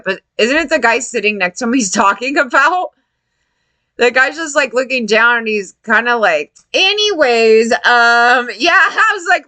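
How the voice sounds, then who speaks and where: A woman's voice: a little high, measured pace, no room sound. A woman talking in a casual, rambling way, often laughing and acting out what others said. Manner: rambling, animated, laughs often, quotes people in voices.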